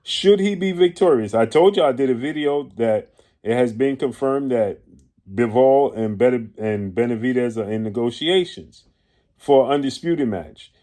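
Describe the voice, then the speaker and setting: A man with a medium-pitched, expressive voice and a dark tone delivers opinion commentary on boxing. He sounds indignant, firing off rhetorical questions, and sometimes pauses to correct himself or grope for a word.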